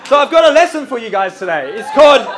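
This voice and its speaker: A man preaching a sermon in a lively, chatty way, with lots of "you know" and "um" fillers. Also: very high voice, quick pace, heavy background noise.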